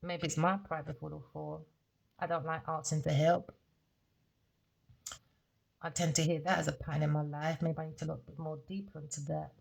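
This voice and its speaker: A woman's voice: low voice, level tone, normal speed, creaky, pauses often, a little mellow, rough recording. A British woman giving an unscripted tarot reading, talking in a blunt, raw, confessional way and swearing freely. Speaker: tarot reader.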